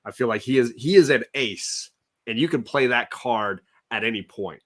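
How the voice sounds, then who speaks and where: A man's voice: mid-range voice, normal speed. A man hosting a live comic book show, easygoing, reading viewer comments and steering the chat.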